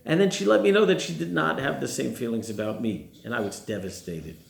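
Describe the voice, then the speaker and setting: A man's voice: medium pitch, a little fast, gravelly, slight background noise. A man, a rabbi, giving a sermon and posing rhetorical questions to his listeners. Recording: roomy echo.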